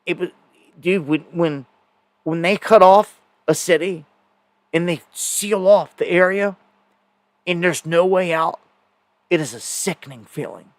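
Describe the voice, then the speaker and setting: Male stream host, casual rambling storyteller, somewhat high voice, dead-dry sound. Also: measured pace, long pauses, no room sound. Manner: rambling storytelling with fillers and repeated words. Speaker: host of a live news stream. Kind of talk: casual live-stream monologue.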